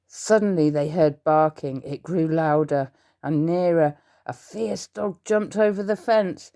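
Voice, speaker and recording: A woman reads a children's storybook aloud at a slow, unhurried pace. Her voice sits fairly low, and she turns to the listener with small asides now and then. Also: mellow.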